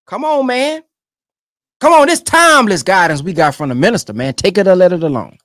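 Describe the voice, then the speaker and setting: A young man giving emphatic, animated commentary on a sermon clip he is reacting to. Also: sits high, brisk, no echo, studio quality. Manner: animated and emphatic, keeps urging "come on, man". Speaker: online commentator.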